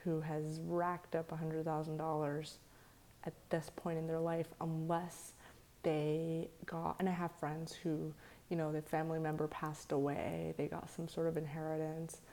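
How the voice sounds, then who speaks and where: A young woman hosting a late-night live stream, talking low and softly, half whispering at times so she won't wake anyone. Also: flat delivery, unhurried. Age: young adult. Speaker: livestream host. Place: echoey room at night.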